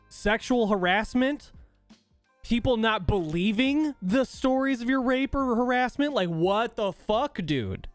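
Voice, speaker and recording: A man with a slightly higher voice talks casually to his stream chat, swearing often and sounding fed up. His rant is heated and exasperated. Soft music plays faintly underneath. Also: no echo. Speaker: streamer host.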